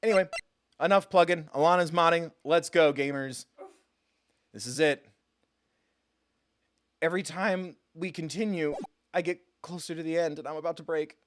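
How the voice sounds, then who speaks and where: A man's voice: fairly high pitch, steady tone, no echo. Joking man streaming a game. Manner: joking, self-mocking, quick asides. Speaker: gaming streamer host. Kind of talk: casual live let's-play commentary.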